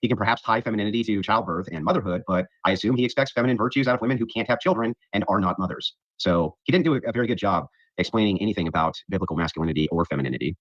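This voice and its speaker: Rapid-fire husky debater on lo-fi audio. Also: male voice, lowish voice, dry recording. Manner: combative, dismissive of his opponent. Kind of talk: debate opening statement. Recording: dull lo-fi clip audio.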